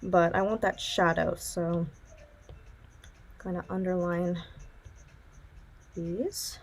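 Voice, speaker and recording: A woman's voice: fairly low pitch, fairly even intonation, slow. A young woman teaching digital drawing, talking casually and thinking aloud as she works. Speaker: art instructor. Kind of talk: casual drawing tutorial narration.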